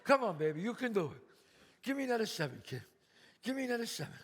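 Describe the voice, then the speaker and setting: A man's voice: sits high, very animated, fast, heavily acted. A man playing a brash New mob boss. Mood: commanding. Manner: loud, bossy, profane, coaxing. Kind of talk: one-man stage show. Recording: live stage, long reverb, faint ambience.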